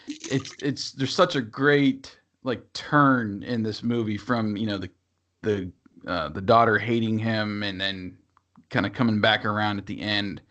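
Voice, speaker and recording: A male podcast co-host rambles casually about movies, stumbling through fillers and restarts. His voice is lowish with a fairly bright tone, and the recording sounds dull and lo-fi.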